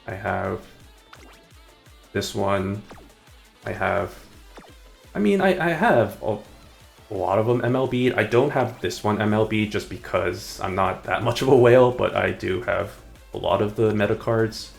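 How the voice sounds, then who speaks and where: A man's voice: on the low side, measured pace, creaky, pauses often, faint music behind. A man streaming a game live, chatting casually, rambling and muttering to himself between chuckles. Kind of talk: casual live gameplay chat.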